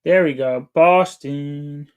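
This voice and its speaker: A man's voice: a little high, takes it slowly, clear, resonant tone, phone-quality sound. A man in his thirties from New England, chatting casually with his live-stream chat while he plays a game. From New England, USA. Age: 30s. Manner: chatty, reads chat aloud while playing.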